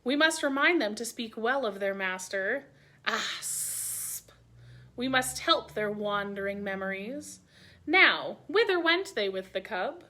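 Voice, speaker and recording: A woman voicing a proud, menacing male python who talks in a deliberate, hissing way in a storybook reading. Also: on the high side, lively intonation, bright, forceful tone.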